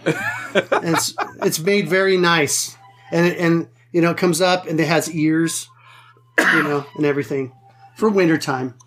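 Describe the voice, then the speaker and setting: Player in a tabletop game, jokey, rambles on, medium pitch. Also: fairly even intonation, unhurried, fairly bright tone, soft background music. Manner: joking, rambling. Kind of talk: casual chat during a tabletop game.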